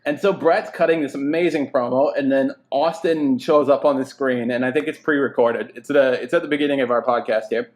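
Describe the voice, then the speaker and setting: A man's voice: medium pitch, fairly even intonation, a little mellow. A man hosting a podcast in casual, chatty talk with frequent laughter. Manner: chatty, laughing, does quick impressions. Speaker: podcast host. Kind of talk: casual chat.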